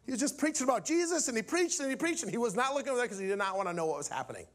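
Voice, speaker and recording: A male preacher telling a story from the pulpit in an animated way, acting out each character's lines. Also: very high-pitched, racing. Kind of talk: storytelling sermon.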